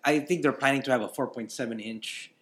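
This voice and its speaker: A man's voice: mid-range voice, brisk. A man co-hosting a casual podcast, reading news items aloud and chatting about them, laughing often. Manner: lively, laughs often, reads stories aloud then comments. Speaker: podcast co-host.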